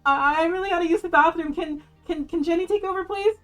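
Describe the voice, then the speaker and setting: A woman's voice: very high-pitched, fast talker, a bit bright, distant mic, faint music behind, voice pushed up. Woman doing a stammering, flustered crew girl. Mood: pleading. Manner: stammering, apologetic. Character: flustered nervous young woman crew grunt.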